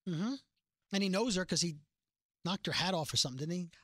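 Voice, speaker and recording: A woman's voice: on the low side, brisk, dry recording. Middle-aged woman hosting a podcast, chatty and emphatic, dry close sound. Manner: animated, emphatic storyteller. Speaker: podcast co-host. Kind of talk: casual chat.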